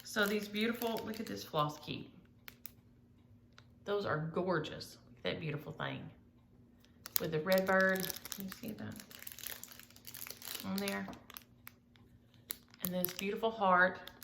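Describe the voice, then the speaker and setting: Gushing woman with gravelly voice. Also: mid-range voice, measured pace, pauses often, a bit bright, reverberant, a little hiss or hum. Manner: chatty, gushing, scattered. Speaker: flosstube vlogger. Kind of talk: casual chat showing mail.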